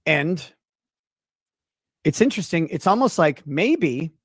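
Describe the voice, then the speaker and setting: A man on a livestream speaking deliberately about a legal matter, stressing his denials. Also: a little high, very animated, slightly rough, no room sound, studio quality, full character voice. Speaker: streamer speaking about his court case. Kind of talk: measured statement on a stream.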